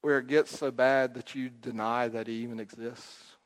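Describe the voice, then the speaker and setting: A man's voice: medium pitch, steady tone, normal speed. Man preaching in a reverberant hall. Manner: storytelling, acts out quotes, rises and drops in volume. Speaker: pastor. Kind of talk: sermon.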